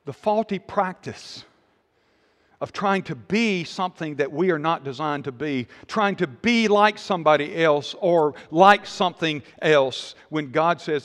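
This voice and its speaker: A man with a high voice preaching earnestly from the pulpit. He hammers his points home with repeated phrases and quick restarts, sometimes dropping low and soft. His voice rings out with a long hall reverb behind it. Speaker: pastor. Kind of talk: sermon.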